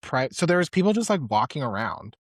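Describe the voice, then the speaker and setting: A man's voice: mid-range voice, sing-song, fast talker, no echo, studio quality. A man co-hosting a film podcast in casual chat, chatty and teasing. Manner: chatty, teasing, full of "like" fillers. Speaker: podcast co-host.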